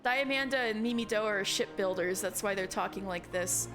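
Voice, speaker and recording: A woman's voice: mid-range voice, steady tone, moderate pace, over music. Chatty woman game streamer. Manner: chatty, musing aloud. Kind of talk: casual game-stream chat.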